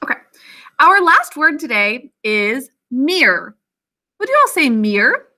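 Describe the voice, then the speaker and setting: A woman with a high, bright voice teaches a spelling class. She dictates slowly and deliberately, stretching each word and breaking it into sounds and syllables. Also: very animated. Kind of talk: spelling lesson.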